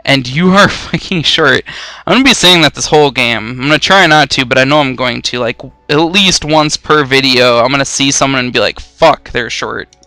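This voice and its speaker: A man's voice: medium pitch, brisk, bright, forceful tone, no echo. A young man giving casual, rambling let's-play commentary, swearing freely and poking fun at himself. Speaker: gaming YouTuber.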